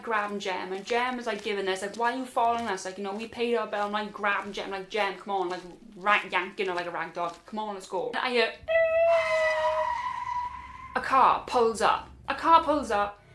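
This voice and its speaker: A young woman, telling a personal story in a casual, animated way and acting out other people's lines. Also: mid-range voice, fairly quick, slight background noise. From Wales. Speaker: storyteller vlogger.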